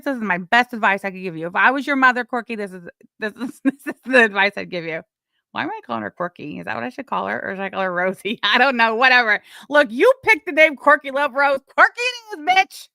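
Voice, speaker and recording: A woman hosting a live stream, giving casual gossip commentary in a blunt, crude way with sudden loud, excited bursts. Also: lowish voice, no room sound, clean studio sound. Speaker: livestream host.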